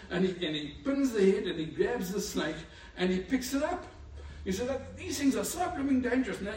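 Animated preacher in an echoey church. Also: male voice, high-pitched, slight background noise. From Africa. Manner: animated storytelling with laughter. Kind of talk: sermon. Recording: echoey room, far from mic.

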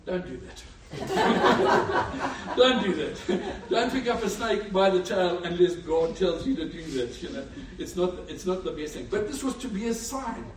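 A high-pitched man delivers a sermon, retelling a story with animated energy and bursts of laughter. He sounds set back from the microphone in a roomy, echoing space with a faint hum of ambience behind him. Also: moderate pace, hardly any pauses. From Africa. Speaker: preacher. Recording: echoey room, far from mic.

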